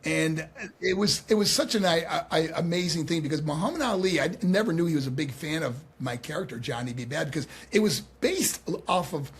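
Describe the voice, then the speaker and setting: A man with a somewhat husky voice tells stories as a podcast guest, animated and full of fillers and restarts. His voice sits a little high for a man. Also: a little fast. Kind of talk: casual interview storytelling.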